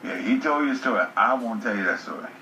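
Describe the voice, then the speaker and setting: A man speaking casually in an interview, relaxed, fond and teasing. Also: mid-range voice, quick pace, slight background noise. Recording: echoey room, distant mic.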